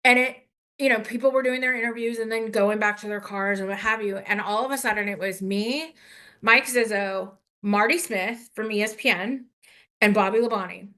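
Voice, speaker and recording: A woman guest on a podcast, telling a story in a relaxed, conversational way. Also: mid-range voice, normal speed. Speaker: guest, motorsport communications director. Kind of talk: casual interview storytelling.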